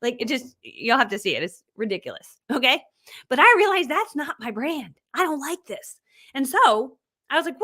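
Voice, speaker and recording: Animated woman coach, bright voice. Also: high-pitched, brisk. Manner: animated storytelling, acting out quotes. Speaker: online business coach. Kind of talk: motivational talk.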